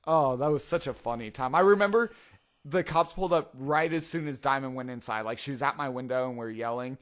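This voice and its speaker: A young man co-hosting a casual podcast, his voice at a middling pitch. He tells animated stories, swearing freely and breaking into laughs. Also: a little fast. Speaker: podcast co-host. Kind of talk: casual chat.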